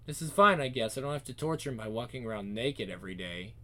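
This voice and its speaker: A man's voice: mid-range voice, animated, fast talker, pushed and bright, pitched below the performer's own voice. A man voicing a proud, stubborn young woman muttering her thoughts in a sulky way. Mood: defiant.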